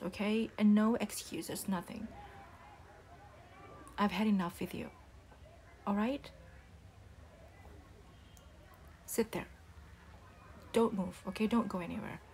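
A young woman playing a disappointed, stern single mother in a whispered role-play, speaking softly and haltingly with many restarts. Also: medium pitch, fairly even intonation, a little hiss or hum, natural voice. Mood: stern, scolding. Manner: soft-spoken, halting with restarts.

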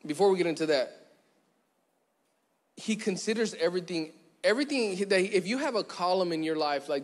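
A man preaching as pastor, chatty and joking, who slows down and goes quiet to stress a point. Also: a little high. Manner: conversational, joking, acts out little scenes; slows down and drops quiet for emphasis. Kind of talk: sermon. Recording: long church hall reverb.

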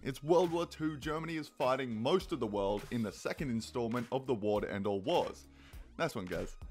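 A young man giving a comedic explainer, rambling and poking fun at himself. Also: mid-range voice. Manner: joking, rambling, self-deprecating asides. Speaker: YouTube creator explaining a project.

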